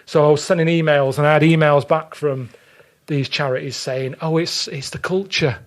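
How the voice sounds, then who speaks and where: A man's voice: a little high, fairly even intonation, moderate pace. A man telling a story in a blunt, grumbling way, acting out the people in it, in casual chat. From England. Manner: blunt, grumbling storyteller, acts out quoted exchanges. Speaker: podcast guest.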